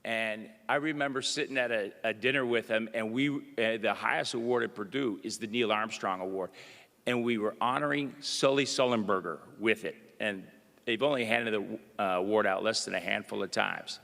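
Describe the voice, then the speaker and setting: A man's voice: lowish voice, normal speed, gravelly, a bit bright. A middle-aged man, a government undersecretary, giving a folksy public speech full of anecdotes, with lots of "you know" and "uh". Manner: folksy, chatty storytelling with frequent "you know" and "uh". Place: university event hall. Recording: long reverb of an event hall.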